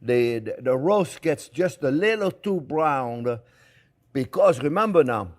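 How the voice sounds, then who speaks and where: A man's voice: mid-range voice, takes it slowly. A man hosting a cooking show, chatting through a cooking demonstration while he works and often calling the viewers friends. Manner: lively, talks while working with his hands.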